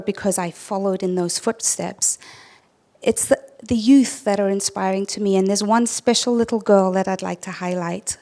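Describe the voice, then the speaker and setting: A woman from Zimbabwe who coaches field hockey, speaking on a conference panel in a measured, storytelling way. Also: medium pitch, darkish tone. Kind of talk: panel talk.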